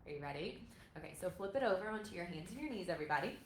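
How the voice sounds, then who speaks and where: A woman's voice: fairly low pitch, lively intonation, rapid-fire. A woman yoga instructor in her thirties, guiding a parent-and-child stretch class with upbeat, encouraging cues. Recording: echoey room with faint noise.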